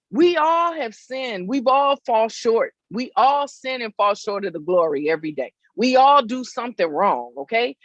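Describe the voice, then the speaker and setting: A woman's voice: fairly high pitch, dry recording, muffled recording. A woman giving a faith-based motivational talk outdoors, emphatic and repetitive, often checking in with her listeners. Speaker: motivational speaker. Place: outdoors in hot weather.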